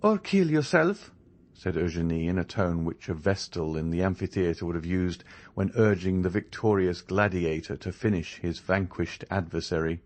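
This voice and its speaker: A man narrating a classic novel as an audiobook, in an expressive, measured storytelling manner. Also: sits low. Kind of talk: scripted narration.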